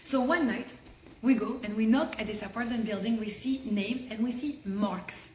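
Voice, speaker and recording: Woman from France, higher voice, lively storyteller who acts out her characters, recorded in an echoey room with faint hiss. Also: moderate pace. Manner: lively, acts out quoted voices, frequent "like" fillers. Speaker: storyteller guest. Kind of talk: animated personal storytelling.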